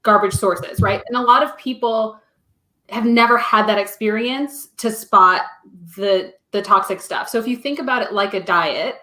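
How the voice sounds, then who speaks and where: A woman's voice: medium pitch, normal speed, pushed and bright. A woman joining a live stream by video call, explaining things in a matter-of-fact, casual way. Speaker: team member, guest on the stream. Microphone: webcam on a video call. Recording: echoey room over a video call.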